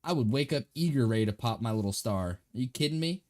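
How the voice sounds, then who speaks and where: A man's voice: mid-range voice, lively intonation, fast talker, a little mellow. A man streaming and reacting to a video, talking in a goofy, stammering way and repeating words for laughs. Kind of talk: casual live-stream chat.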